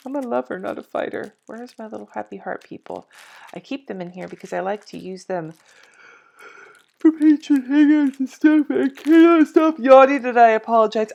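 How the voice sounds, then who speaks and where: A woman in her forties, chatty and scattered, talking to herself and to viewers while she decorates a planner on a live stream, swearing casually. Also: sits low. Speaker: planner vlogger.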